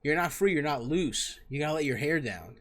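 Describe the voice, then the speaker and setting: A man's voice: on the high side, animated, a little fast. A young man hosting a comedy advice show, giving crude, profane and mocking answers to callers.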